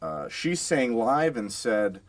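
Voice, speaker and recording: A man on a talk show, reading items out haltingly with many fillers. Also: medium pitch, expressive.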